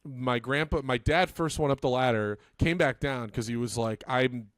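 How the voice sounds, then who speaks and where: A young man co-hosting a comedy podcast, telling rambling, animated anecdotes in casual chat. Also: mid-range voice, normal speed, no room sound. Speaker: podcast co-host.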